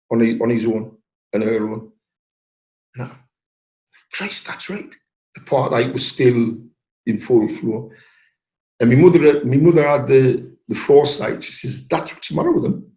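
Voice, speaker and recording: An older man with a North East English accent, telling a personal story in an interview and lively when acting out quoted voices. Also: medium pitch, normal speed. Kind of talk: anecdotal storytelling. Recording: roomy echo.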